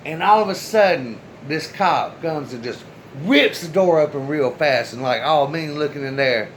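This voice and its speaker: Speaking at normal speed in a slightly high voice, this storyteller chats casually to his viewers about something that happened to him, swearing now and then. The recording is rough and has a little hiss or hum.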